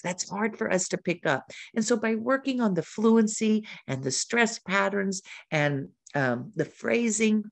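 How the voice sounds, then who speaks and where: A woman literacy educator demonstrates a reading lesson, talking as a teacher would to her class. She asks lively questions and prompts as she explains, in a fairly low voice. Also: gravelly.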